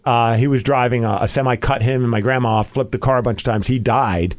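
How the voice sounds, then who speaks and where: A man's voice: medium pitch, fairly even intonation, fast talker. A young man hosting a podcast, telling a story in casual chat and acting out the quotes with laughs. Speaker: podcast host.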